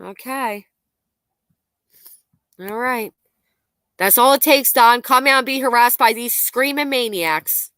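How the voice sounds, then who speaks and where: A woman's voice: on the high side, takes it slowly, pauses often, a bit bright, no room sound. A woman hosting a livestream, commenting bluntly and angrily with profanity while reading out chat messages. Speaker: commentary channel host.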